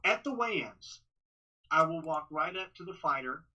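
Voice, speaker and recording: A man's voice: fairly high pitch, poor audio. A man from Texas who works as a ring announcer, talking casually in a podcast interview, often restarting and repeating words. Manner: restarts, repeats words, talks fast and excited.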